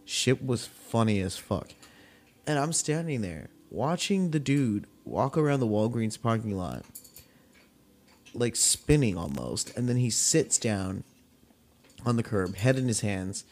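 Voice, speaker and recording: Profane, animated young man telling stories. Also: medium pitch, unhurried. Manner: profane, animated retelling with acted-out quotes. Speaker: podcast host. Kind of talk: casual storytelling rant.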